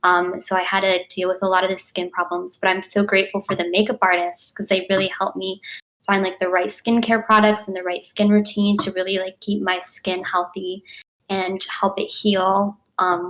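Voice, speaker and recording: A woman's voice: medium pitch, little pitch movement, moderate pace, a bit bright, poor audio. Bubbly young woman with lots of likes. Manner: bubbly, frequent 'like' and 'um', laughs often. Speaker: actress guest. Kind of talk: casual interview.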